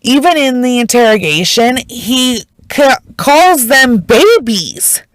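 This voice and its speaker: A woman's voice: on the high side, lively intonation, slow, no room sound, poor audio. A woman telling a true crime story in a casual, emotional way, swearing freely and speaking with heavy emphasis.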